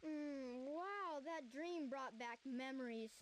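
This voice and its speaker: A woman's voice: high-pitched, slow. A woman voicing an earnest young boy fox sidekick in a video game. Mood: wistful.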